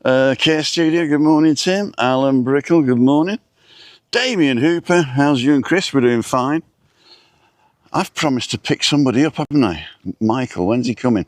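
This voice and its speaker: Outdoors with a view over hotels, a middle-aged man rambles through a casual live stream, reading out viewers' names with little asides. He speaks in a mid-range voice at a moderate pace, into a camera set in front of him, with no room sound.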